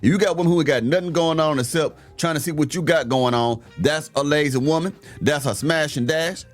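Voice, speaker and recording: A man with a fairly high voice delivers an opinionated rant, blunt and full of slang. He talks in a preachy way. Soft music plays underneath. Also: fairly quick. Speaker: host reacting to clips.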